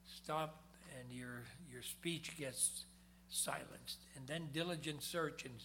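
Over slight background noise, a male preacher with a high, bright, forceful, creaky voice gives a sermon. Loud, pressing emphasis drops dramatically into hushed low tones, and he slows whenever reading scripture aloud.

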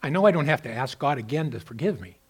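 A man preaching a sermon as a pastor, moving between loud, emphatic exhortation and quieter personal storytelling with repeated words. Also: mid-range voice, lively intonation, fast, slightly rough. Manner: repeats and restarts words when telling a story.

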